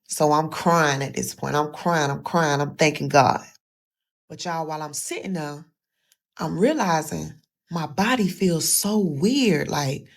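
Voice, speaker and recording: A young woman telling her own story casually, animated and talking straight to her viewers. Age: young adult. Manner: animated, addresses viewers as y'all, quotes people in a higher voice.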